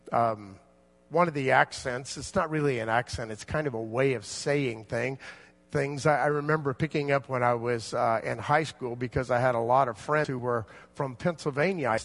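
A man giving a conversational Bible teaching sermon, asking the listeners many rhetorical questions. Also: mid-range voice. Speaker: preacher. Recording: long reverb of a large hall.

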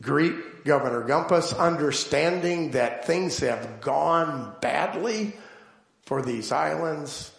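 Slow, gravelly-voiced male preacher. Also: medium pitch, echoey room. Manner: slow, deliberate storytelling with emphatic build-ups. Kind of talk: sermon.

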